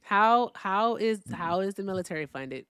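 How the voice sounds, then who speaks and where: Woman hosting a call-in stream, swears a lot, pitch jumps all over, dry close mic. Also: lively intonation, normal speed, a bit bright, smooth, dry recording. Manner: blunt, profane, confrontational; chatty asides to viewers. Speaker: live-stream call-in host. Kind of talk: live call-in debate stream.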